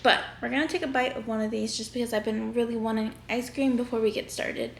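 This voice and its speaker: A young woman chatting bubbly and fast in a mukbang vlog, laughing often and reading confessions aloud. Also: a little high, steady tone, vocal fry, noisy background. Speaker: YouTuber. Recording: echoey room.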